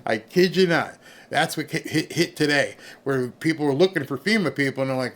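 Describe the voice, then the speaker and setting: A man's voice: fairly high pitch, fairly quick, fairly bright tone. A man, streaming an angry, sarcastic rant in reaction to news clips. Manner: angry, sarcastic, mocks others in put-on voices. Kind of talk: ranting reaction commentary.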